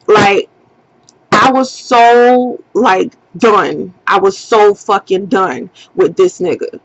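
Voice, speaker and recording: Slow-talking woman telling a story. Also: medium pitch, dull audio. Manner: animated, profane retelling with slang. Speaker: vlogger. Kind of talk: casual storytime vlog.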